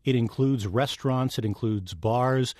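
A man's voice: medium pitch, measured pace, darkish tone, no room sound, studio quality. Jovial man business correspondent. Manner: jovial, explanatory. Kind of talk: public radio business news banter. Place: radio studio.

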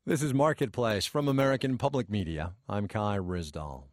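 A man hosting a radio business news program, reading market numbers in a brisk, lightly wry way. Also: fairly low pitch, no echo, clean studio sound.

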